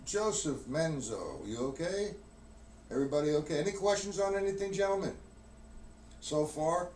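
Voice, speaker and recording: Counting strokes out loud, a man teaches drums over a live stream, explaining technique in a rambling way and restarting often. His voice is fairly high and expressive at a normal pace. The distant mic in the drum room catches loud hits plus a bit of hiss or hum.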